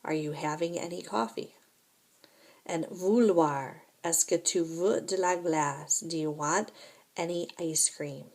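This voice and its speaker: A woman teaching a recorded French lesson at an unhurried pace, explaining each point patiently and checking in with "right?" and "okay?". Her voice sits somewhat low. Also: a little mellow.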